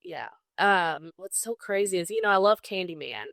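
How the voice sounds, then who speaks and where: Woman, Southern accent, young adult, lower pitch, dry recording, chatty podcast storytelling. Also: animated, moderate pace, vocal fry, fairly bright tone, dry recording. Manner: chatty, laughs often, enthusiastic about folklore. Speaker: guest co-host.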